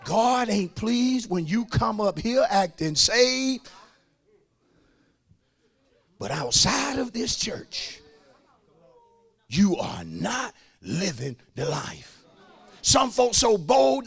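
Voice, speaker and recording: High, shouting, raspy-voiced preacher man. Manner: shouting, half-sung preaching with call-outs to the congregation. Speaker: pastor. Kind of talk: sermon.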